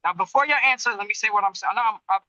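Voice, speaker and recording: A man tells a story to a group in loose, rambling fashion, backing up and restarting and stopping to ask his listeners questions. His voice is very bright and sharp. The sound is dry and a bit dull and lo-fi. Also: high voice, rapid-fire, no echo. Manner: rambling, frequent restarts, addresses listeners directly. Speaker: Muay Thai gym trainer.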